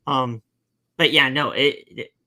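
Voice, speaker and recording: A man hosting a casual podcast chat, talking in a relaxed, agreeable way and often restarting his sentences. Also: mid-range voice, slow. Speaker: podcast host.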